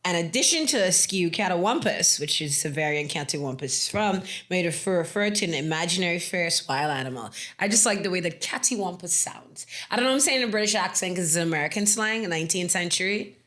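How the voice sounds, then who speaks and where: A woman's voice: lowish voice, lively intonation, fast, few pauses, a bit bright. A woman co-hosting a casual podcast, reading out word definitions and laughing easily between them. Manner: reads word definitions aloud, laughs often. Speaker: podcast co-host.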